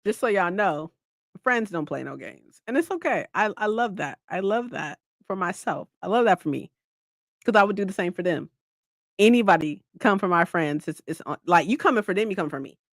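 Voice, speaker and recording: A woman hosts a reading livestream, chatting casually with her live chat viewers, laughing often and teasing them. Her mid-range voice has lively intonation and a fairly quick pace, recorded in studio quality with no room sound.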